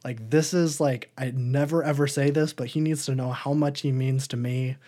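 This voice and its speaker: A man talking casually on a podcast, his voice mellow and soft-edged. He rambles on with enthusiasm, stringing thoughts together in long, loose runs while his pitch sits right in the middle. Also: steady tone, normal speed. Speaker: podcast co-host. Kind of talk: casual chat reviewing TV shows.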